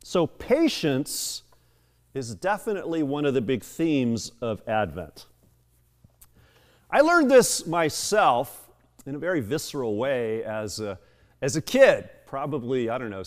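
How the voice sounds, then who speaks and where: A man's voice: mid-range voice, very animated, a little slow. A middle-aged man, a pastor, reading scripture and preaching a sermon with chatty storytelling asides. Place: church sanctuary. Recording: long hall reverb.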